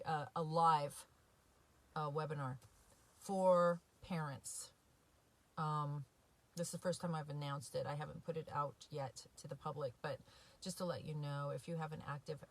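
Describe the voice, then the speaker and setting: A woman recovery coach talking casually and from the heart to her viewers, with many fillers and frequent "right?" asides. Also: deep voice. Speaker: recovery coach and podcast host. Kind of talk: casual direct-to-viewer talk.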